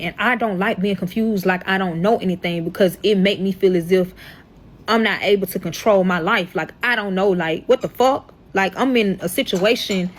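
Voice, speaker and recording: A young woman telling a dramatic storytime to her viewers in a casual, animated way, swearing often. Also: mid-range voice. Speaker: storyteller reacting to her own past.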